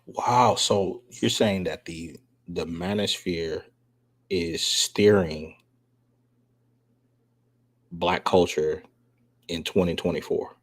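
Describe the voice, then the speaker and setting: A man's voice: deep voice, takes it slowly, pauses often. A man hosting a livestream, asking hesitant, probing questions with restarts. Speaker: livestream host. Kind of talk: interview questions.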